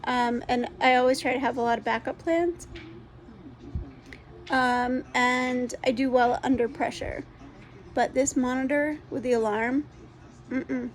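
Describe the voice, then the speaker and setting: A congested woman talks into her phone at home, rambling through a dog-rescue update with plenty of ums and false starts. Her voice sits on the higher side, and faint noise hums underneath. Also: steady tone, measured pace, long pauses. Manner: rambling, many ums and restarts. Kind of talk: casual spoken update to followers.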